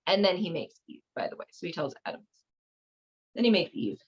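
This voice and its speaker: A woman's voice: fairly low pitch, lively intonation, a little fast, husky. A woman hosting a show, talking in a chatty, irreverent way with lots of fillers. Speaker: host. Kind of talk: casual commentary. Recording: slightly dull lo-fi audio.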